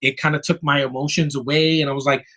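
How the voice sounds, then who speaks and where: Male movie vlogger, slightly high and husky, excitable, swears a lot, restarts sentences. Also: fast, low-quality recording. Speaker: movie reviewer. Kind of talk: casual film review rant.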